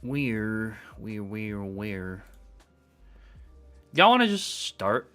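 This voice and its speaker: A man's voice: on the low side, very animated, extremely slow, fairly bright tone, soft background music. A young man from New York, a streamer chatting live with his chat, swearing freely and ranting, then settling down.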